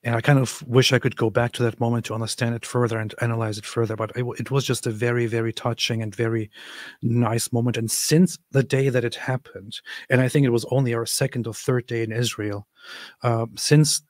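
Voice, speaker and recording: Guy, middle-pitched, recounting a moving moment; hesitant, lots of restarts; dry close sound. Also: steady tone, dry recording. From United States. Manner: halting, restarts often, many ums. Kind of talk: reflective personal storytelling.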